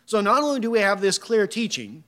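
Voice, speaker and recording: High-pitched guy preaching, reads scripture then fires off rhetorical questions. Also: very animated, brisk, fairly bright tone. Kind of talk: sermon.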